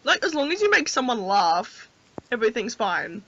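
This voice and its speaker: A woman's voice: on the high side, big pitch swings, moderate pace, fairly bright tone. A woman reading a visual novel's narration aloud and chatting about it, giggly and chatty between the lines. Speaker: gamer, host. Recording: dull lo-fi audio.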